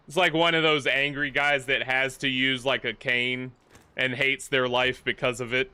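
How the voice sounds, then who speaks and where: A man livestreaming a horror game, talking in a loose, jokey way and coaxing the characters on screen. His voice is bright and smooth. The sound is close and dry, with no room around it. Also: medium pitch, unhurried, no room sound. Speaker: gaming livestream host. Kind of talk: casual live commentary.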